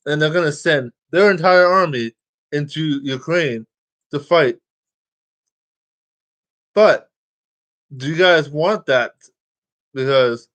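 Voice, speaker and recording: A man talking casually to his viewers, rambling, restarting lines and swearing freely. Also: a little high. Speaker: vlogger.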